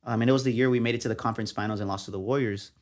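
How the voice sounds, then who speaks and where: A man's voice: on the low side, very fast. A young man from Texas, a journalist guest, telling his story in a casual interview and acting out what people said to him. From San Antonio, Texas. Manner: animated, acts out quotes of others.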